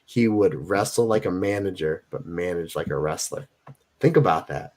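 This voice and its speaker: A man in his forties with a fairly low voice speaks as an interview guest. He talks emphatically and hammers points home by repeating them. It is loose, casual conversation. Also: expressive, moderate pace, darkish tone. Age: 40s. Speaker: guest wrestler.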